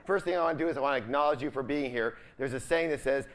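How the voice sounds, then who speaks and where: A man's voice: mid-range voice, racing. A middle-aged man giving a motivational seminar, quizzing the audience and leaving the ends of his sentences for them to fill in. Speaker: seminar speaker.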